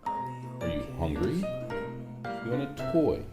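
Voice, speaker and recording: A man's voice: medium pitch, very animated, slow pace, loud music behind the voice. A man giving his pet dog firm short commands and asking it puzzled questions, in an echoey room. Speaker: dog owner.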